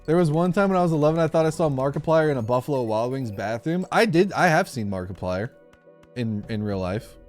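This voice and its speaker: A young man talks loosely on a live stream, his voice sitting at an ordinary middle pitch. He rambles, circles back and fills gaps with ums and likes. Faint game music plays under his voice. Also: expressive, a little fast. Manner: rambling storyteller, many fillers and restarts. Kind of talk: casual live-stream chat while gaming.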